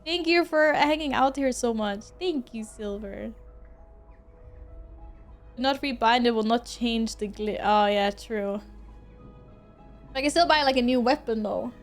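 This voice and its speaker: Bubbly high-voiced Swedish woman streamer. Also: a little slow, pauses often, soft background music. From Sweden. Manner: bubbly, giggly, chatting with viewers. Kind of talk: casual gameplay streaming.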